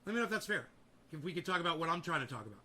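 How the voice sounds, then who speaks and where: Guy streamer with a high sharp voice, heated and sweary, yelling back at his chat. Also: very animated, racing. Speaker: streamer host. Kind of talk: livestream rant to chat.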